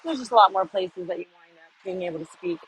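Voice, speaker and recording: A woman's voice: lowish voice, fast, fairly bright tone, a little hiss or hum, rough recording. An American woman vlogging casually while walking city streets, rambling and self-deprecating, recorded on a phone. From United States.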